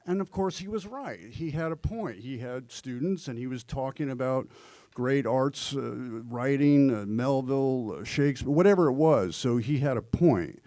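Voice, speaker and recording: A male actor talks through a live Q&A in a warm, mellow voice. He tells animated stories and keeps slipping into voices and quotes. The sound is dry and close on the mic. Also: medium pitch, normal speed, no echo. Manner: animated storyteller who slips into voices and quotes. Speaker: actor and guest. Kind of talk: live Q&A discussion.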